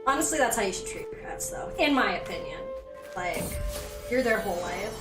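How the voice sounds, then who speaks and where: A woman's voice: medium pitch, animated, a little fast, reverberant, distant mic, loud music behind the voice. A young woman casually commenting on her strategy game play, chatty and sarcastic, swearing now and then. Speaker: gaming streamer. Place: home room.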